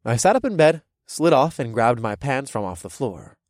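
A man narrating a first-person story with an expressive, lively read, his pitch moving a lot. The recording is dry and close, with no room echo at all. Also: normal speed. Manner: expressive, animated reading. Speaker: audiobook narrator.

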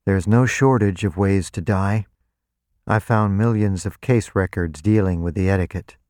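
Deep-voiced male audiobook narrator. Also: normal speed, a little mellow, dry recording, clean studio sound. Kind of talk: first-person audiobook narration.

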